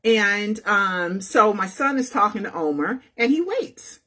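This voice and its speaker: A woman's voice: mid-range voice, expressive, measured pace, pushed and bright. A woman telling a story to her viewers in a casual, chatty way, often checking in with "right?" and "okay?". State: feeling unwell.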